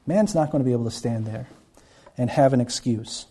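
Earnest preacher man with a mellow voice. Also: medium pitch, a little fast. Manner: earnest, repeats words, voices quoted figures. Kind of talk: Bible-teaching sermon.

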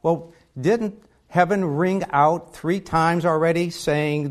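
A man's voice: a little high, unhurried. Man preaching a sermon. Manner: reads scripture aloud in King James wording, then asks the listeners questions.

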